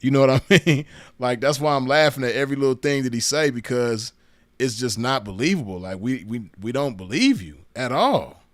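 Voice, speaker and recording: A man's voice: medium pitch, expressive, a little fast, dry recording. Mocking man with a dry, close sound. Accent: Southern California. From Los Angeles County. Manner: mocking, laughs often, repeats phrases. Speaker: commentary host reacting to clips. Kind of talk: casual reaction commentary.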